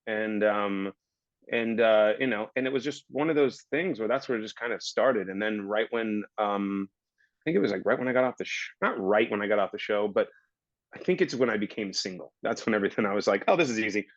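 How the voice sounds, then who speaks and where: A man's voice: lowish voice, brisk, no room sound, muffled recording. A man in his thirties, a guest actor on a casual podcast, telling rambling stories and acting out his own past remarks.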